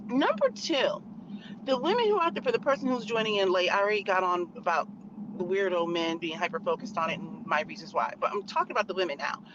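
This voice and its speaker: A woman's voice: medium pitch, fast talker. A married woman hosting her own channel, giving outspoken, emphatic commentary in a conversational way while driving. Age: adult, married. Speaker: channel host. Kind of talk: opinionated commentary vlog. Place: in a car on a back road. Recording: muffled car recording with road noise.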